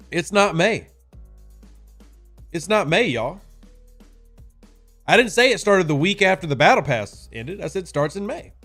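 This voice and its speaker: His voice sits on the high side and sounds a bit bright as this man runs a relaxed gaming stream. He banters sarcastically with chat, talking plenty and fielding viewers' questions.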